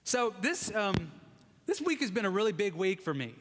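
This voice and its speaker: High-voiced man preaching in a reverberant church. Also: sing-song, normal speed, noisy background. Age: 40s. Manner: chatty, self-deprecating, joking with the congregation. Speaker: guest preacher. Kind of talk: conversational sermon. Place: large church sanctuary. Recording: long reverb of a church hall.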